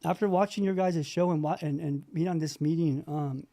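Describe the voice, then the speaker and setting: A man's voice: fairly high pitch, moderate pace, dark tone. Earnest rambling man on a video call. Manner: earnest, rambling, many fillers and restarts. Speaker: meeting participant sharing. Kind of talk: heartfelt recovery share on a video call.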